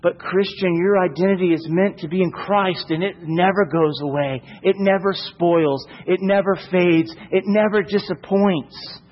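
A man's voice: high-pitched, moderate pace, few pauses, in a large hall, lo-fi sound. A male preacher delivering a sermon emphatically, with repeated rhetorical questions.

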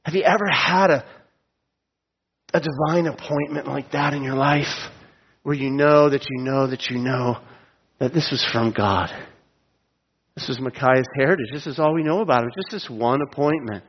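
A middle-aged man preaches a sermon in a mid-range, slightly rough voice at normal speed, leaving long pauses as he tells stories, asks listeners direct questions, and chuckles at his own jokes. The recording sounds dull, with long hall reverb.

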